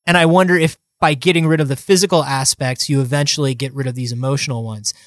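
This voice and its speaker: A man co-hosting a podcast in casual chat, talking in quick bursts with a playful, rambling manner. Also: mid-range voice, fairly even intonation, fairly bright tone, dry recording, clean studio sound. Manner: chatty, fast bursts, lots of "like" fillers, playful asides. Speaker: podcast co-host.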